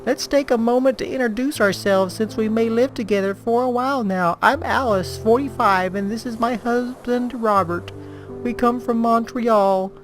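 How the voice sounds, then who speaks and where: A man voicing a friendly middle-aged woman from Montreal in a chirpy falsetto. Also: moderate pace, soft background music.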